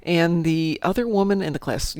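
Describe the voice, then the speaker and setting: A woman hosting a casual gaming chat, a chatty storyteller who talks in an animated, jokey way. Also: lowish voice, moderate pace, no room sound. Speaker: stream host.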